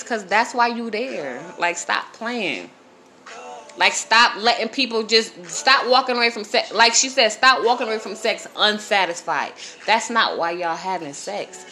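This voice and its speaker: A woman around forty hosts a live stream and lectures her viewers bluntly and with plenty of swearing. Her voice is bright and forward. There is a faint hum of noise behind her. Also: mid-range voice. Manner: blunt, profane, preachy, addresses viewers directly. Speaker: livestreamer giving advice.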